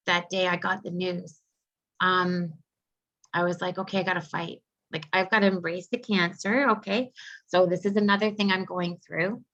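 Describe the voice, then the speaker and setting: A woman's voice: lowish voice, sharp tone. A woman, a psychic medium, earnestly recounting a personal story in an interview, with frequent fillers. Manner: earnest, heartfelt retelling with many fillers. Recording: slightly muffled lo-fi recording.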